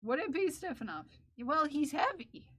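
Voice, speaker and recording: A woman's voice: high voice, big pitch swings, normal speed. A woman hosting a live stream, chatting casually with her viewers and playfully scolding them. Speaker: livestream host.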